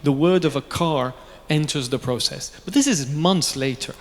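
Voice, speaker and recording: A man's voice: fairly high pitch, moderate pace. Storytelling man in a reverberant hall. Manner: lively, jokey, with asides and laughs. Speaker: watch brand founder speaking at a press conference. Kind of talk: anecdotal storytelling. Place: event venue. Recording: long reverb in a large space.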